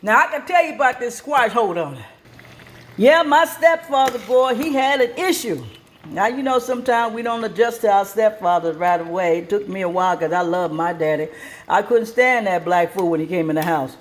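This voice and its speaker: A woman hosting a cooking show and telling a story at her kitchen stove, lively and plain-spoken. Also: medium pitch, normal speed.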